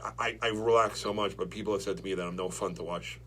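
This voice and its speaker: A man's voice: sits low, quick pace, a little hiss or hum. Rambling New man telling stories. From Long Island, New York. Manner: rambling, excitable storytelling with many restarts. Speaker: podcast host. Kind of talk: casual chat.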